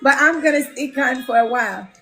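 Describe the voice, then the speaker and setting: A woman's voice: high voice, brisk, sharp tone, faint music behind. A woman hosting a casual livestream, chatting with viewers, reading out their comments and greeting them by name with plenty of laughter. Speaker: livestream host and home care business mentor.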